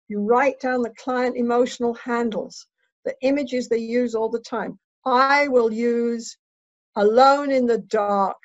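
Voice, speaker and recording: Brief: woman therapist-trainer lecturing, fairly high voice, instructive and emphatic, dull dry recording. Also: no room sound. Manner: instructive, emphatic, checks in with "right?". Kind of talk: teaching lecture.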